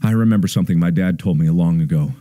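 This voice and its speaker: A man in his twenties making a mock-dramatic plea to his viewers, over-the-top solemn, swinging between hushed lines and near-shouts. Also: deep voice, fast talker, dry recording, clean studio sound. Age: 20s. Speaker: YouTuber.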